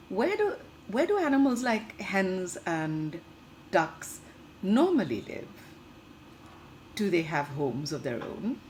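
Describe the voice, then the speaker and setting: Woman teacher, gentle questioning read-aloud for young kids, low voice, very lively pitch, unhurried pace, faint room noise. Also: poor audio. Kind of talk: reading aloud and explaining a story to children.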